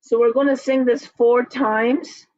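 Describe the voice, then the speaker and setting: A language teacher leading an online class in a relaxed, halting way with many fillers, heard over a video call. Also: medium pitch, dry recording, highs cut off.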